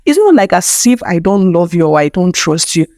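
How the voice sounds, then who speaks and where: A woman voicing a desperate young bride who pleads with rapid, agitated questions. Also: on the low side, very animated, dark tone, no echo, studio quality. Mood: tearful.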